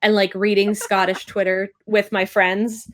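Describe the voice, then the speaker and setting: Young voice actress gabbing away in an interview, bubbly, laughs a lot, says like constantly. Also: female voice, mid-range voice, flat delivery, unhurried. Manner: bubbly, chatty, laughs often, many "like" fillers. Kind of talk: casual interview chat.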